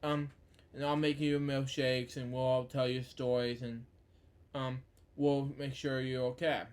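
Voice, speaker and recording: A man reading the lines of a gentle adult shopkeeper from a book, softly and hesitantly, with fillers. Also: mid-range voice, flat delivery, a little slow, voice pushed down, close to an everyday voice. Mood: reassuring.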